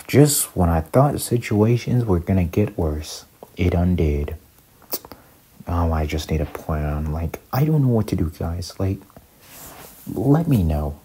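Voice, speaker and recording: A young man giving casual, excitable commentary while playing a block-building game, often panicking and talking to his viewers. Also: sits low, slight background noise. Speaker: gaming YouTuber. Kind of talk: casual Minecraft let's play commentary.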